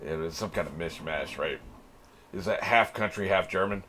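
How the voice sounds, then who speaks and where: A man's voice: sits low, moderate pace, sharp tone, a little hiss or hum. A man hosting a reaction channel, giving casual commentary on an anime episode, laughing often and swearing freely.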